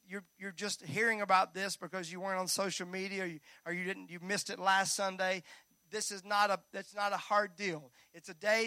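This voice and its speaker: A male pastor preaching a Sunday sermon in a church, energetic and joking with the congregation. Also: high voice, no room sound. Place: church sanctuary.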